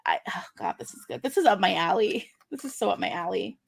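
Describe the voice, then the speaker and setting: A woman from the United States co-hosting a casual chat show, talking quickly with lots of fillers and laughs. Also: medium pitch, animated, creaky, slightly rough. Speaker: podcast co-host.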